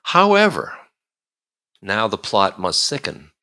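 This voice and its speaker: A man's voice: on the low side, expressive, a little slow, bright, forceful tone. A man telling a bedtime story casually, with chatty asides to his listeners.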